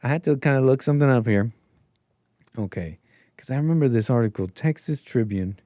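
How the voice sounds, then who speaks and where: A man's voice: mid-range voice, lively intonation, fairly quick, dark tone, no room sound. Man, stream host, rambling political chat, laughs a lot, dry close sound. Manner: rambling, laughs often, thinks aloud. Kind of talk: casual political commentary stream.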